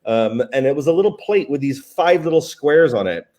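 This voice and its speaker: A man's voice: fairly high pitch, brisk. A man, a wine sales director and guest, telling stories casually with fillers and restarts. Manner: relaxed, chatty, frequent fillers and restarts. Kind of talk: casual interview storytelling.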